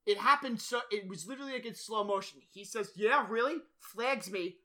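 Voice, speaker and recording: A man's voice: sits high, fairly quick, sharp tone. A man hosting a podcast in casual chat, rambling, swearing and often laughing. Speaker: podcast host.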